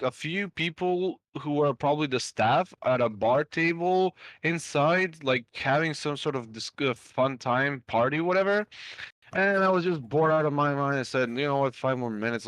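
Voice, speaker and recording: A man's voice: mid-range voice, a bit bright, smooth, no room sound. A young man telling a long story on a podcast in a loose, rambling way, with lots of fillers and casual swearing. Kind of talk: casual storytelling among friends.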